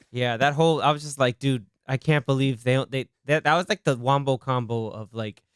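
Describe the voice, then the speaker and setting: A man's voice: mid-range voice, normal speed, smooth, dry recording. A man hosting a casual movie podcast, talking with animation and acting out scenes in quoted voices on a studio mic. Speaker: podcast host.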